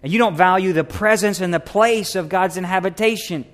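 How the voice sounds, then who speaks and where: Middle-aged man, fervent preaching, rhetorical questions, slightly high voice, church sermon. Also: a little fast. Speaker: pastor. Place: church sanctuary.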